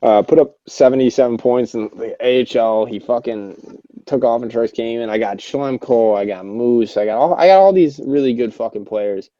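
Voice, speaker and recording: Dark-voiced young man, rambling podcast chatter. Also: mid-range voice, moderate pace, no echo. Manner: rambling, profane, excitable, with many restarts. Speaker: podcast co-host. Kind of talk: casual podcast chat about an online hockey league. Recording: dull, lo-fi, dry sound.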